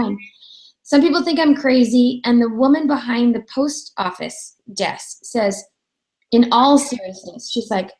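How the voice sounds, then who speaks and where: Chatty female show host, slightly high voice, animated storyteller. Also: moderate pace, low-quality recording. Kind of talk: casual interview chat.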